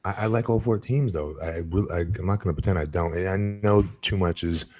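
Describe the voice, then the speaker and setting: A man's voice: deep voice, a little fast, darkish tone. A man who is a former wrestler, chatting bluntly and with strong opinions as a podcast co-host. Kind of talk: casual podcast chat.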